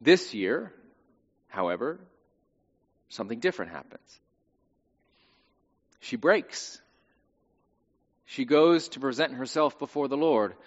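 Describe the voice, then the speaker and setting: A man's voice: mid-range voice, expressive, takes it slowly, pauses often. A male pastor preaching a sermon in a conversational way with wry humor, recorded in a church with a dull, lo-fi sound and long reverb.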